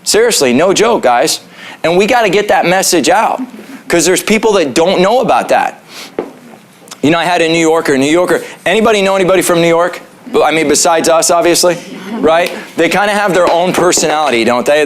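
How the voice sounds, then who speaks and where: A man with a fairly high voice teaches a health class in his chiropractic office. He keeps it casual and joking, and keeps putting questions to the room. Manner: joking, asks the audience questions.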